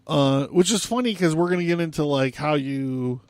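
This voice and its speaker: A man's voice: on the high side, normal speed, darkish tone, dry recording. A young man hosting a casual history podcast, rambling loosely with lots of fillers and asides. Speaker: podcast host.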